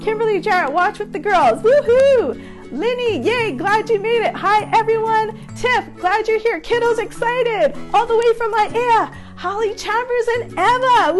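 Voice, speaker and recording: A woman painting instructor from Hawaii, warmly greeting viewers by name during a live-stream lesson and cheering often. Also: extremely high pitch.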